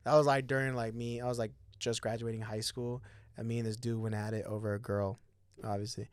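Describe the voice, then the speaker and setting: A man's voice: mid-range voice, a little fast, smooth, no room sound. A man in his twenties, a podcast guest, telling stories in casual, profane chat and laughing often. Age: 20s. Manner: profane, laughing, animated storytelling. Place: podcast studio.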